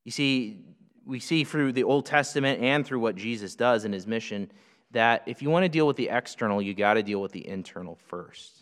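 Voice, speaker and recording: A man's voice: mid-range voice, normal speed. A man preaching a sermon, emphatic and full of rhetorical questions. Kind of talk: sermon teaching. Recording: long hall reverb.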